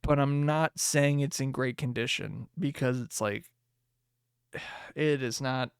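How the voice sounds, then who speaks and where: A man hosting a casual solo podcast, rambling, swearing and laughing often, with sudden jumps in pitch. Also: fairly even intonation, slow, clear, resonant tone, no room sound, studio quality. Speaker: podcast host.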